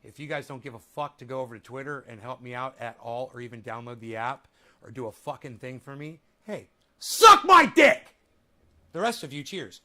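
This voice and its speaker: A man vlogging casually, profane and ranting, his voice jumping from shouted insults to low mumbles, and he coughs now and then. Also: quick pace. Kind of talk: casual vlog talk.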